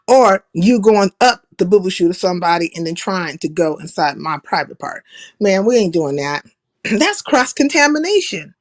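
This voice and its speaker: A woman hosting a live stream, giving a blunt, profane monologue and laughing at her own jokes. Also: mid-range voice. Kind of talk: casual opinionated monologue.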